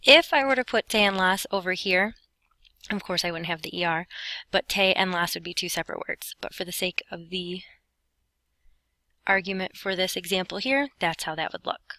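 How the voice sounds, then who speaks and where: A woman talks students through grammar notes in a lower-pitched voice that still sounds bright and forceful. She explains each step patiently and clearly. The recording is close and dry, with no room sound. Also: moderate pace, no echo. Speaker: Spanish teacher. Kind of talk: recorded classroom lesson over notes.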